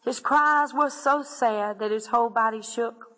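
A woman's voice: on the high side, unhurried, sharp tone, big-room sound, low-quality recording. A woman earnestly narrating a dramatic religious testimony, often speaking directly to her listeners. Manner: earnest, addresses listeners as "my friend".

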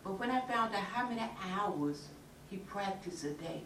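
A woman's voice: medium pitch, animated, normal speed, a bit bright. A woman talking earnestly and emphatically in a casual faith discussion. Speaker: church discussion participant. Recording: echoey room, mic far off, faint noise.

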